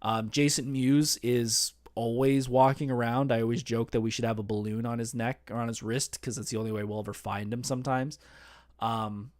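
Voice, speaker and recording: A man's voice: mid-range voice, fairly even intonation, normal speed, a little mellow. A man hosting a podcast, telling stories in a chatty, self-deprecating way. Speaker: podcast host. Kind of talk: casual storytelling monologue.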